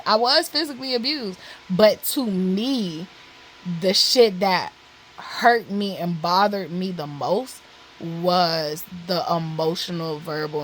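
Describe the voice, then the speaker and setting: A woman's voice: mid-range voice, rough recording. Woman venting on her vlog, cussing a lot, says like and literally constantly, bit of faint noise behind her. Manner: blunt, profane, with many fillers like "literally" and "like". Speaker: vlogger. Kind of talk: candid personal storytelling.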